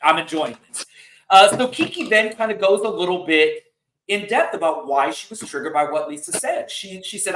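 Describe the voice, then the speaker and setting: A man's voice: on the high side, animated, brisk, reverberant, distant mic, background noise. A man hosting a podcast, recapping a reality TV episode in a casual, gossipy way and laughing often. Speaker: podcast host.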